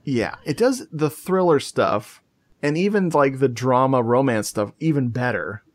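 A man hosting a relaxed movie podcast, his voice sitting in a middle register. He recaps the plot in a loose, chatty way and breaks into laughter often. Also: mid-range voice, measured pace. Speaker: podcast host. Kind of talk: casual movie review chat.

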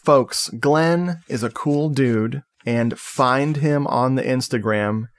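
A man's voice: medium pitch, slow pace. Male American podcast host, casual and joking, rambles with fillers. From United States. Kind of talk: casual chat about movies.

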